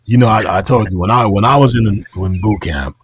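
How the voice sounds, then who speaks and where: A man's voice: fairly low pitch, fairly quick, a crowd in the background. A man co-hosting a veterans' podcast, telling a story in casual chat and acting out the voices in it. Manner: animated, acts out voices in his story.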